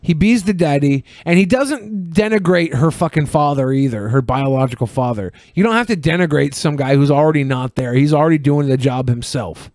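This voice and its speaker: A man hosting a podcast, talking in casual crude banter, animated and profane, often laughing. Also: on the high side, fairly quick, hardly any pauses, no room sound. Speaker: podcast host.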